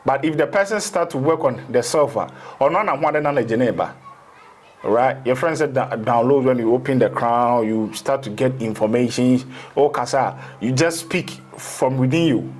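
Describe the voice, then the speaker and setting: A man's voice: mid-range voice, moderate pace, soft background music. Man explaining consciousness, rambling. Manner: rambling explanations, slipping into local phrases. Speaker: spiritual teacher. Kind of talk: casual interview.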